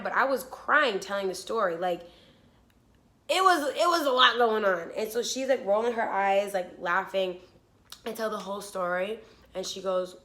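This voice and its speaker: Bright-voiced young woman telling a wild story. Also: mid-range voice. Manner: casual, swearing, heavy use of "like", acts out quotes. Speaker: vlogger. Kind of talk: storytime vlog.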